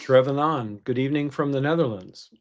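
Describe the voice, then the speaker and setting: A man's voice: mid-range voice, brisk. A man co-hosting a casual livestream, easygoing, reading out viewer comments and cracking corny jokes. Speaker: co-host.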